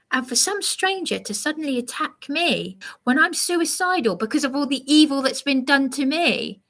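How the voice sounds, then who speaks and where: A woman rambling through a live monologue, preaching and sounding aggrieved as she answers a commenter in a slow, halting way. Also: sits high, pushed and bright.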